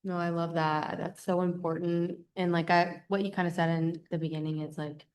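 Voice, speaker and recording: A woman's voice: lowish voice, little pitch movement, normal speed, a little mellow. A woman co-hosting, answering in a supportive, casual way with short agreeing replies. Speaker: co-host. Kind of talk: casual chat.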